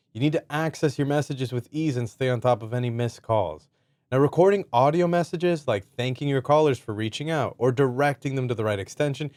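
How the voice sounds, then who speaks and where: A man hosting a software tutorial, walking through settings in a friendly, jokey, energetic way. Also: medium pitch, dry recording, studio quality. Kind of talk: upbeat screen-recorded tutorial.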